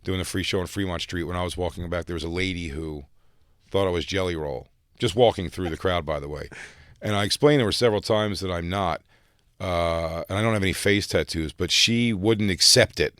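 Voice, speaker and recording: Radio co-host, man, very deep voice, dry close mic, loose rambling storyteller. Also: fairly quick, a bit bright, clean tone, no room sound. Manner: rambling storyteller, self-deprecating. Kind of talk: casual studio banter. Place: radio studio. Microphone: studio microphone.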